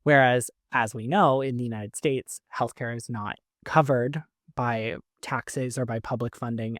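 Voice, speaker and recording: In a dry, studio-quality recording, a Canadian man with a mid-range, slightly bright voice hosts a podcast. He tells a personal story casually and chattily, filling it with "like" and laughing between lines.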